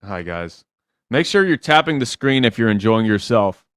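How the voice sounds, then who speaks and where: A man's voice: lowish voice, sing-song, moderate pace, a bit bright, dry recording. A man working as a dating coach, giving blunt, teasing advice on a live stream and swearing freely.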